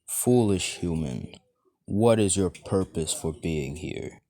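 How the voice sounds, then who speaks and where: A man's voice: deep voice, animated, takes it slowly, dark tone, heavily acted. A man voicing a haughty ancient male dragon in a homemade fan story, speaking with scornful, imperious lines.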